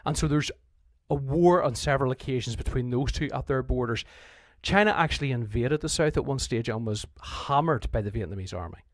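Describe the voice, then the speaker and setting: A man's voice: medium pitch, a little fast, few pauses, no echo. A man with a Northern Irish accent, a history teacher giving a conversational revision lecture who often restarts his sentences and acts out quotes.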